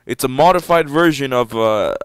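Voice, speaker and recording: A teenage boy casually commenting on a game he plays, given to sudden loud excited outbursts. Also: moderate pace, clean tone, no room sound. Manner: excitable, jumps into loud high-pitched outbursts. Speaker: gameplay commentator. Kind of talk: casual let's-play commentary.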